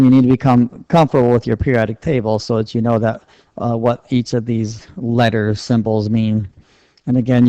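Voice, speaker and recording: A chemistry teacher explains a lesson step by step while writing on a board, patient and plain-spoken. His medium-pitched voice is warm with vocal fry, captured in a dull, lo-fi, dry recording with no echo.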